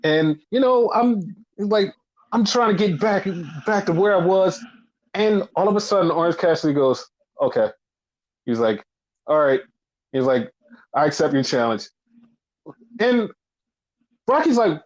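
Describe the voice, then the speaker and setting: A man hosting a podcast, casually recapping wrestling in a profane, animated way and acting out what people said. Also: high-pitched, a little slow, long pauses, highs cut off. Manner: animated, profane, acts out quoted lines. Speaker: podcast host.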